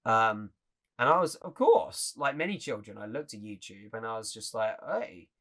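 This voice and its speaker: A man's voice: lowish voice, expressive, moderate pace, bright, forceful tone. A young man in his twenties co-hosting a podcast, chatting casually and earnestly with many restarts. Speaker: podcast co-host. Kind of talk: casual chat.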